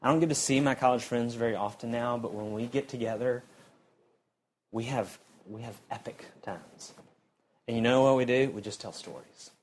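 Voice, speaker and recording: A young man delivers a sermon in an easy, conversational way. His voice rises to loud emphasis, then drops low and quiet. A faint hiss of noise sits under the recording. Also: moderate pace. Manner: conversational preaching, lively swings from loud to quiet. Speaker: pastor.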